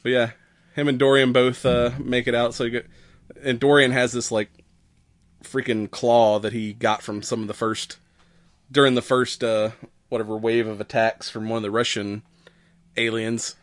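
A man's voice: medium pitch, flat delivery, normal speed, no echo. A man casually recaps a movie on a podcast, rambling along and swearing freely as he acts out the characters' lines. His voice sits mid-range, and the recording is dry and close. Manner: rambling, profane, acts out quoted characters with laughs. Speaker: podcast host.

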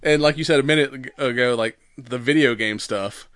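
A man chatting casually on a podcast, recapping a film with an animated storytelling manner. He laughs often and slips into quoted lines. The sound is dry and close, with no room around it. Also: medium pitch, fairly quick, no room sound. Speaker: podcast co-host. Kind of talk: casual movie recap chat.

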